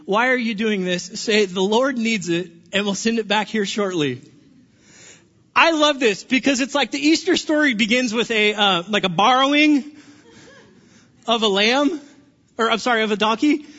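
A man preaching a sermon, animated in his storytelling and acting out the quotes. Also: extremely high pitch. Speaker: pastor. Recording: dull lo-fi sound with long reverb.

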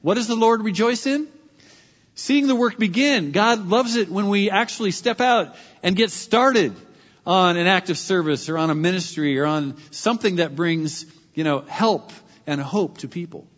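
Man, pastor, sermon, emphatic, repeats key lines slowly, long hall reverb. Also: high-pitched, a bit bright, muffled recording.

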